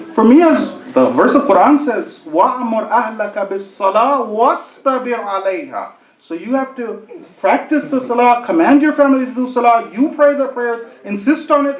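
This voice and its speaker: A man's voice: extremely high pitch, darkish tone. A man giving a sermon to a congregation, quoting verses and telling a funny story with acted-out voices. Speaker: sheikh giving a talk. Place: mosque hall with an audience. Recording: echoey hall.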